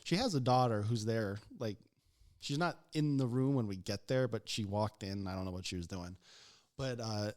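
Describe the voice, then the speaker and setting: A man's voice: on the low side, normal speed. A young adult man telling a work story in a casual podcast chat, laughing often and acting out the people he quotes. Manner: animated storyteller who acts out quoted voices, laughing often. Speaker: podcast co-host.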